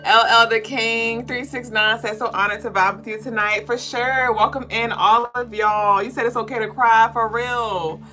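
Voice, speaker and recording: A woman chatting on her livestream in a bright, forceful voice that sits a little high. She talks slowly and swears freely between excited greetings to viewers. Soft music plays underneath. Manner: excitable, profane, reads viewer comments aloud. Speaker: livestream spiritual reader. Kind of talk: casual livestream chat.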